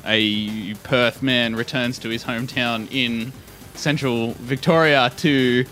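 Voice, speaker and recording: Man, mid pitch, playful contestant who invents answers, faint music. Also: fairly even intonation, takes it slowly, pushed and bright. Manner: playful, makes up silly answers. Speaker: quiz contestant. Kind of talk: casual quiz game chat.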